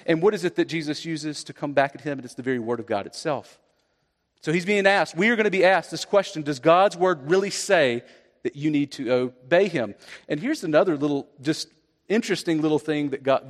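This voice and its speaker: A man's voice: a little high, expressive, a little fast, in a large hall. A man preaching a sermon as pastor, conversational and rising to emphatic peaks.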